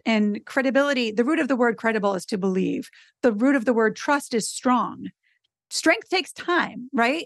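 A woman's voice: a little high, no room sound, studio quality. A middle-aged woman, a podcast guest and advocacy expert, telling stories emphatically in casual conversation. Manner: animated storyteller, emphatic.

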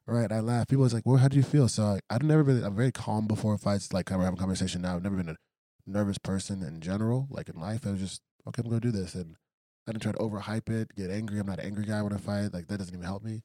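A man's voice: lowish voice, fairly even intonation, rapid-fire, mellow, dry recording, clean studio sound. A young adult man, a professional fighter, telling stories in a casual interview and acting out quoted lines with animation. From United States, raised by Congolese immigrant parents.

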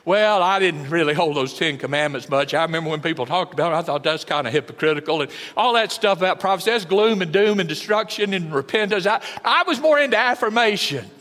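A preacher puts on a self-satisfied churchgoer brushing things off. The voice is loud and breezy, slightly raised in pitch. A long reverb hangs in the hall. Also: male voice, animated, quick pace, few pauses. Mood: dismissive. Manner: dismissive, breezy. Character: smug, self-satisfied churchgoer making excuses.

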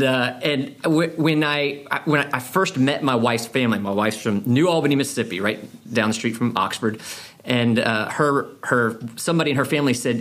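Male interview host, middle pitch, chatty, laughs easily, fills pauses. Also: a bit bright. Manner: laughs easily, hesitant fillers. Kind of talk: conversational interview.

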